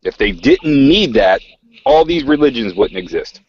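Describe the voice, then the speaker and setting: Male podcast co-host: gravelly, very expressive pitch, plain-spoken, dull lo-fi sound. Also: normal speed. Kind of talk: casual chat. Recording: dull lo-fi audio.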